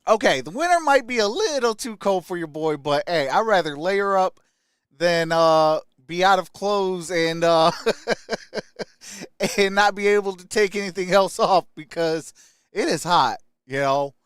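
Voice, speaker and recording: A man's voice: high voice, a little slow, a bit bright, smooth, dry recording, studio quality. Upbeat man hosting a live stream. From Michigan. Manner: upbeat, greets viewers by name, frequent "hey". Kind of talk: casual live-stream chat reading comments.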